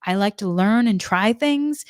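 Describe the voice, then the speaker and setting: A woman's voice: medium pitch, a little slow, smooth, dry recording, clean studio sound. A woman with a Boston accent, talking about personal growth in a reflective, enthusiastic monologue full of casual fillers. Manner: animated, enthusiastic, many "like" fillers. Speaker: spiritual energy forecaster.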